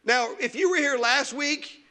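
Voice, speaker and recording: A man preaching a lively sermon as pastor in a church, teasing the congregation and mocking whiny complainers. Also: very high voice, measured pace. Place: church sanctuary.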